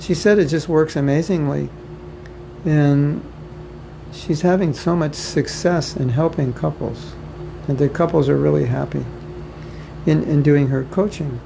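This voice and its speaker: Unhurried and steady, a slightly high, gravelly, mellow male voice leads an informal lecture for devotees. The American speaker keeps it conversational, with joking asides and much repetition. Behind him is faint ambience from a home or temple room, captured in a low-quality recording with slight background noise.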